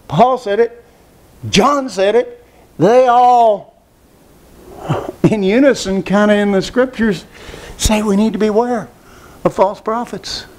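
A man's voice: sits high, a little mellow. A man preaching a sermon, who speaks emphatically, asks rhetorical questions and repeats phrases.

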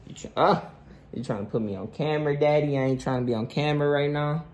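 A man's voice: fairly high pitch, quick pace, darkish tone, pitched above the performer's own voice, natural voice. A man voicing his baby son as a fussy, whiny little boy complaining to his dad. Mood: annoyed.

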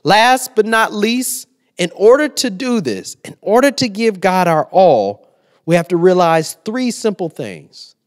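A man preaching a sermon at an online church service, swinging from loud declaring to hushed near-whispers and repeating lines for emphasis. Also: sits high, very animated, a little slow.

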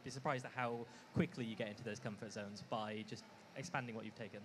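A man's voice: fairly low pitch, steady tone, fast talker. A man on a live convention panel, speaking hesitantly with many uhs. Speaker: panelist and player. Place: on stage at a comic convention panel. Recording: noisy live panel recording.

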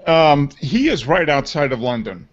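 A man's voice: fairly high pitch, big pitch swings, normal speed. A man co-hosting a casual podcast chat, easygoing and agreeable. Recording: lo-fi call audio with noise.

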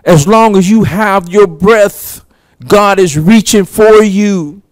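A male preacher delivers his sermon in a slow, deliberate way, leaning on each phrase and pausing long between them. His voice sits fairly high for a man. The sound is dry and close, with no room echo. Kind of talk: sermon teaching.

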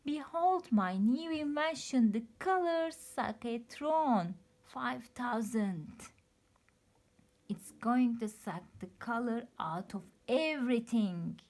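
Lady putting on a screechy cackling pea baddie, storybook villain, loud and gloating. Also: on the high side, lively intonation, slow. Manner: screechy, gleeful menace.

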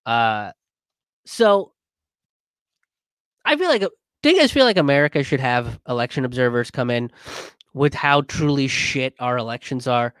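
A man's voice: medium pitch, animated, normal speed, a bit bright, smooth, no echo. Chatty sarcastic man in a dry car. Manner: chatty, sarcastic, swears, frequent filler and restarts. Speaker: political commentary vlogger. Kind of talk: casual rambling commentary.

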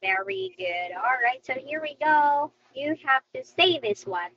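A woman's voice: high voice, big pitch swings, measured pace, fairly bright tone, muffled recording. A woman teaching an online English lesson to a young child, coaxing and sing-song, heard over a video call.

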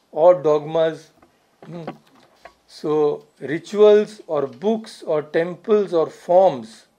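Earnest monk with a mellow voice. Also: male voice, a little high. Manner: earnest, repeats phrases for emphasis, occasional soft laughs. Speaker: swami giving a spiritual talk. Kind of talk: spiritual talk. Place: society hall.

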